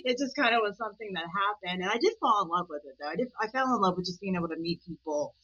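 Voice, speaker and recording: A woman talking as a podcast guest in a casual interview, chatty and animated, often laughing. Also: medium pitch, fast talker, slightly rough, dull audio.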